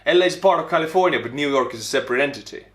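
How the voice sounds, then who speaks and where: An Estonian man with an Estonian accent, a native Estonian speaker, giving animated, casual reaction commentary in English. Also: a little high, rapid-fire. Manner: animated, exclaiming, laughing. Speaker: YouTuber reacting to a video.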